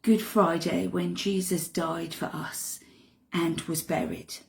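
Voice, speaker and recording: A woman retelling a Bible story in an expressive way, dropping to hushed asides. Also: fairly low pitch, slow, vocal fry.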